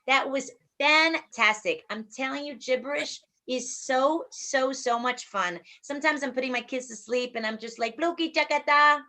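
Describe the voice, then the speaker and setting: A woman's voice: sits high, moderate pace, few pauses, bright, forceful tone. A woman in her forties hosting an online group workshop over a video call, upbeat, playful and encouraging.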